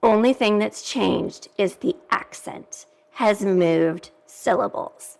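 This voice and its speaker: A woman's voice: medium pitch, gravelly. A woman reading teacher explaining a method to parents, patiently sounding out letters and syllables as examples. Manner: patient, demonstrates sounds aloud.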